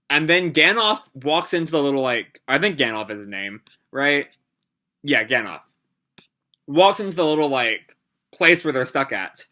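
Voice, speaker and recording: A man hosting a manga reaction, reading chapters aloud and pausing to comment with hesitant, reflective asides. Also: fairly high pitch, animated, sharp tone. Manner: hesitant, lots of fillers and restarts, reflective.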